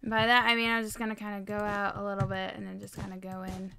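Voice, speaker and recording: A woman giving casual gameplay commentary while she builds, excitable and rambling, poking fun at herself. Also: medium pitch, fast talker, creaky, slight background noise. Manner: excitable, rambling, self-mocking. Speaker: Minecraft video creator.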